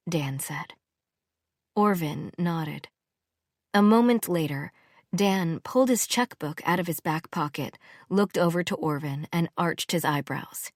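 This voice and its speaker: A woman reads a first-person romance audiobook in a low, unhurried voice. Her telling is measured and intimate. It is recorded close on the mic, dry and free of room sound. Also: dry recording. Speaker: audiobook narrator.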